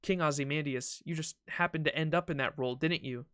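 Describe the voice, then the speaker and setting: A man's voice: on the high side, brisk, a bit bright, smooth, no room sound, natural voice. A man reading a proud ancient pharaoh king in a game, with a pompous, regal, mocking delivery.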